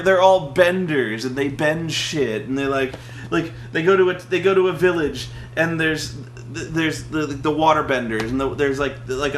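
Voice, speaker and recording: A man's voice: a little high, a bit bright, a little hiss or hum. A young man on a casual vlog, ranting about a film with lots of swearing and mocking, acting out scenes in silly voices. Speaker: vlog co-host. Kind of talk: animated casual movie rant.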